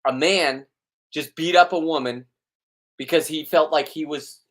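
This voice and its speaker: A man's voice: on the high side, unhurried, a bit bright. Blunt riled-up middle-aged man. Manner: blunt, riled up, rambling with restarts. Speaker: vlogger. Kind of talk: ranting casual monologue to camera.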